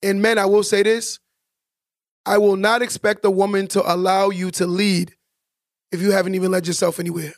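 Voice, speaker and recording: A man's voice: sits high, little pitch movement, normal speed, no echo, clean studio sound. A man co-hosting a casual podcast, talking emphatically and preachily, repeating points for stress. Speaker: podcast co-host.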